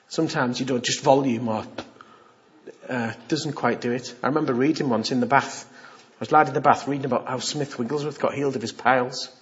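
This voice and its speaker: A middle-aged man preaching an informal, jokey sermon and acting out the voices he quotes. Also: medium pitch. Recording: dull lo-fi sound.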